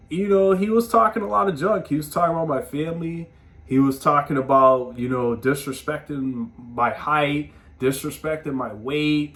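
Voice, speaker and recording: A man hosting his own show, telling stories in a casual, slangy monologue with plenty of swearing. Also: mid-range voice. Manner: animated, slangy, swearing, frequent "man" tags. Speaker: podcast host giving advice.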